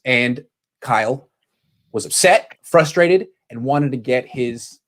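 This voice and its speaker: A man hosting a casual sports talk show, animated, often quoting others in quick voices. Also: medium pitch. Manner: animated, quotes people in quick impressions. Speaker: podcast host.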